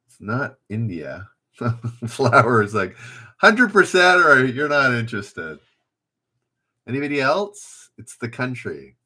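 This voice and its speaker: A man's voice: on the low side, sharp tone. A man hosting a trivia livestream, chatting casually with viewers and thinking aloud as he reads questions.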